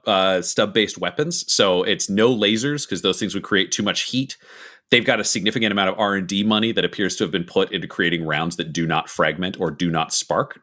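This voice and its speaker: A man running a tabletop game, laying out details in a long, explanatory flow. His tone is bright and forceful and his pitch sits a little low. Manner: detailed, explanatory lore talk. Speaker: game master.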